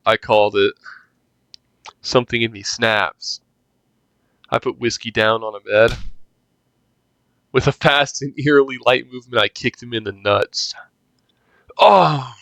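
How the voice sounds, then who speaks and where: A man's voice: on the low side, fairly bright tone, no room sound. Young man narrating a story game. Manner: casual, swearing, laughing reactions. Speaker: gaming youtuber. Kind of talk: reading a story game aloud with commentary.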